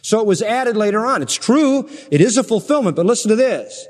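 A high-pitched man preaching a sermon, his voice trailing off into the long reverb of a big hall. He swings between ringing, emphatic passages and hushed, low ones. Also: big pitch swings, fairly quick, few pauses. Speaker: pastor.

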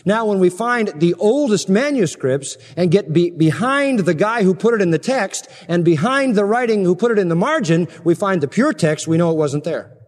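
A man preaching a sermon, swinging between loud emphatic passages and hushed, quiet ones. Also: high-pitched, animated, moderate pace, in a large hall. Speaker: pastor.

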